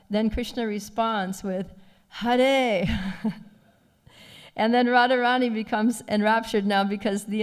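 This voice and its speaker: A woman giving a devotional scripture class, retelling a story with animated feeling and frequent soft laughs. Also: mid-range voice, in a large hall. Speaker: class speaker. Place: temple class.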